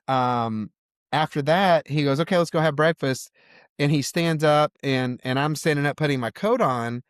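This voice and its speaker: A man's voice: medium pitch, dry recording, studio quality. A man from Georgia, a podcast guest, telling a casual story with lots of fillers. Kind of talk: storytelling in a conversation.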